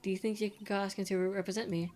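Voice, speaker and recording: A woman's voice: mid-range voice, flat delivery, rapid-fire, darkish tone, natural voice. A woman reading as a polite young spirit medium. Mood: pleading. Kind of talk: reading game dialogue aloud.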